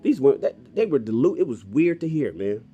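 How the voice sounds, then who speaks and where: A man in his forties hosting a casual livestream podcast, telling stories in a blunt, animated and profane way. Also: mid-range voice, a little fast, breathy edge, lo-fi sound, soft background music. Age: 40s. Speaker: podcast host.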